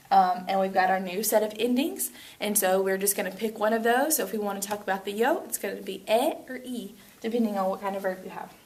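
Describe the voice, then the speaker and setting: A woman teaches a recorded classroom lesson in a cheerful, chatty way. Her voice sits a little high, and she tosses in playful asides as she explains. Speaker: Spanish teacher.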